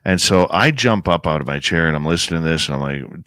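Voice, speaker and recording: A man telling a suspenseful outdoor experience as a guest on a podcast, animated and pausing to build suspense. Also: low voice, no room sound. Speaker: guest, paranormal researcher and radio host. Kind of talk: casual storytelling in a podcast interview.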